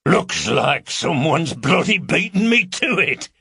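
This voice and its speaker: A man's voice: on the high side, big pitch swings, creaky, sharp tone, husky, no room sound, studio quality, voice pushed up, exaggerated voice. Man doing Cartwright, a crude bulky Yorkshireman. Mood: leering. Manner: slow, crude, mocking drawl. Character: bulky coarse Yorkshire man, leering and blunt.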